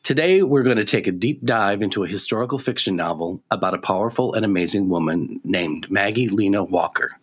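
A man co-hosting a book podcast, effusive and quick to praise, often restarting his sentences. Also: on the low side, slightly rough. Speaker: podcast co-host.

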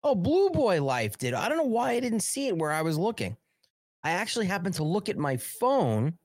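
A man's voice: high voice, very animated, moderate pace, dry recording. An American man hosting a live stream, reading news aloud, breaking off to chat and thank viewers, rambling and profane. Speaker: live show host. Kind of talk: casual live-stream commentary.

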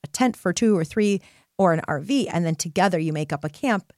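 A woman's voice: on the low side, animated, fairly quick, darkish tone, dry recording, studio quality. Earnest woman podcast host telling a story. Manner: earnest, emphatic, often asks "right?". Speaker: podcast host and life coach. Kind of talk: personal storytelling monologue.

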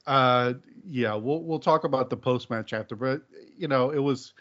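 A man's voice: medium pitch, moderate pace, fairly bright tone. A man hosting a casual podcast, talking in a laid-back, rambling way with lots of fillers. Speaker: podcast host. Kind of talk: casual wrestling podcast chat. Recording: dull lo-fi podcast audio.

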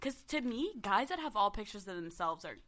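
A woman's voice: medium pitch, very animated, a little fast, fairly bright tone. A woman in her twenties co-hosting a podcast, chatting casually in a blunt, profane way and laughing often. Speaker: podcast co-host. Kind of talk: casual chat.

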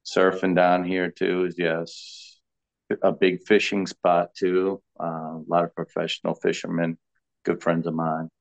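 A man's voice: low-pitched, completely flat delivery, measured pace, gravelly, dry recording. A man from Florida, a podcast guest, talking in an easygoing, rambling way. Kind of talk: casual podcast chat.

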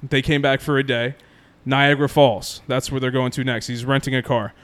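A man's voice: medium pitch, normal speed. A young man casually telling a long story to friends, acting out what others said. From New Jersey. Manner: animated storyteller, acts out quotes, laughs often.

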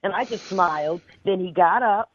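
A woman calling in to a radio show, a fast, chatty storyteller. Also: fairly low pitch. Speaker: caller. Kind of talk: telling a dream on a call-in show. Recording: tinny phone line.

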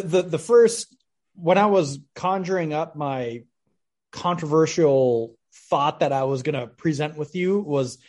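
A man's voice: medium pitch, a little mellow. A man chatting casually as a podcast guest, rambling thoughtfully about a horror movie.

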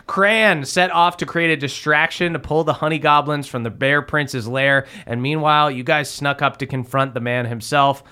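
A man's voice: a little high, steady tone, moderate pace, sharp tone, smooth. A man narrating as game master of a tabletop game, casual and joking, often laughing mid-sentence.

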